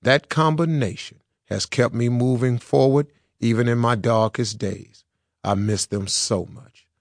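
A man's voice: mid-range voice, unhurried, no room sound. A man reading his own book aloud as an audiobook, with earnest, personal storytelling. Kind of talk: audiobook narration. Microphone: close studio mic. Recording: dry studio sound.

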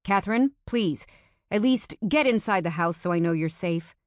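A woman's voice: mid-range voice, expressive, moderate pace, no room sound, studio quality, lightly acted. A woman voicing a worried, insistent man in an audiobook. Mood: pleading.

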